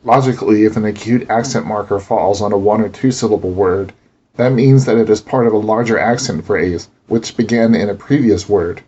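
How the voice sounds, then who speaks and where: A man teaching a language lesson, explaining pronunciation slowly and deliberately. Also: fairly low pitch, darkish tone, husky. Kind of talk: instructional narration.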